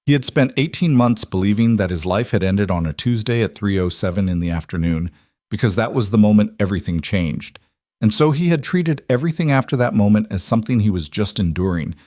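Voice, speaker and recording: A man reading a scripted story in a measured, calm manner. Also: lowish voice, no room sound, clean studio sound. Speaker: narrator.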